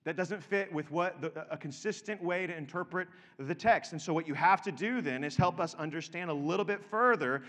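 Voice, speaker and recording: A man's voice: on the high side, fairly quick, few pauses, fairly bright tone, big-room sound. A man preaching a sermon, stressing and repeating key words and checking in with his listeners through direct questions. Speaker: pastor.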